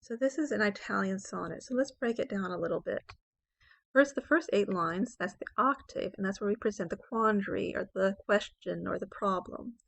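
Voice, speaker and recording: A woman's voice: mid-range voice, normal speed, vocal fry, fairly bright tone, slightly rough. A woman English professor giving a recorded poetry lecture, explaining step by step and often saying "okay" between points.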